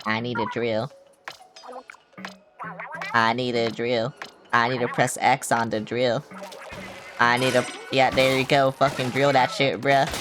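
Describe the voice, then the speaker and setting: Low-voiced young woman streamer rambling over music. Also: little pitch movement, unhurried, pauses often. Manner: rambling, swears a lot, dramatic reactions. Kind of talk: casual gaming livestream chat.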